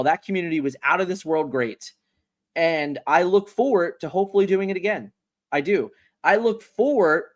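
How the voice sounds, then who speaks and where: Man, livestream host, casual chat, rambling, animated, slightly high voice. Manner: rambling, repeats words, animated.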